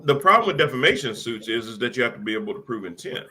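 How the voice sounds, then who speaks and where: Bright-voiced man, amused political chatter. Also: medium pitch, sing-song, fast, breathy edge, low-quality recording. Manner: rambling, incredulous, amused. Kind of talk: casual political chat.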